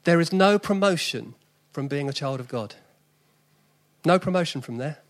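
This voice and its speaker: A man in his forties preaching with a South East London accent. His voice sits fairly high, and he speaks in an earnest, conversational way that climbs into emphatic lists. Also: expressive, moderate pace. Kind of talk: sermon.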